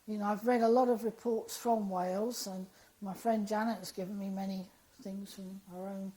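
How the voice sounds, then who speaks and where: A woman, an interview guest, telling a personal story in a lively, animated way and acting out the dialogue she quotes. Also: mid-range voice, moderate pace, low-quality recording.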